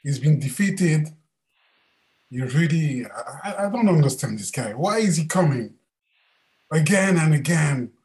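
A man's voice: a little high, expressive, unhurried, long pauses, a little mellow, voice pushed up. A man voicing a faithful servant who is agitated and indignant. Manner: indignant, flustered.

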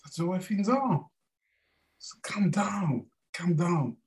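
A man voicing a calm, kind spiritual teacher who speaks gently and soothingly. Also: fairly high pitch, slow pace, voice pushed up.

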